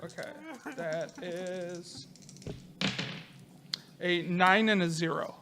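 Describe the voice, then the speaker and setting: A man playing a tabletop game with friends, eager and quick to laugh as he works through his dice rolls. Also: high voice, steady tone, very noisy. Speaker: player. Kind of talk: casual tabletop game play.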